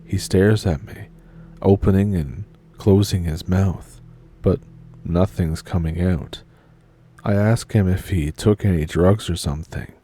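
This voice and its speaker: A man reading a scary first-person story aloud in a measured storytelling manner. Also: low voice, dark tone. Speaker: narrator. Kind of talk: scripted horror story narration.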